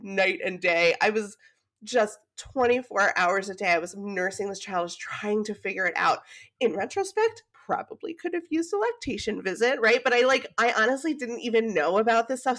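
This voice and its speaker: A woman in her thirties from the United States, a podcast guest telling a personal story in an animated, emotional way and laughing often. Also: a little high. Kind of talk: conversational storytelling.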